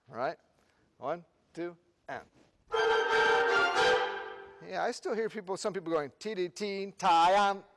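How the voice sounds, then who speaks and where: Man, band clinician, slightly high voice, counts off players, sings rhythms, quick questions, long hall reverb. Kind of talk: rehearsing a concert band. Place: band rehearsal room.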